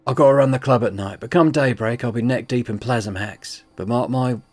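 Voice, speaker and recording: A man's voice: mid-range voice, brisk, no echo, faint music behind, natural voice. A man voicing a fierce rebel woman. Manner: fierce, determined. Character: defiant young woman club-running rebel.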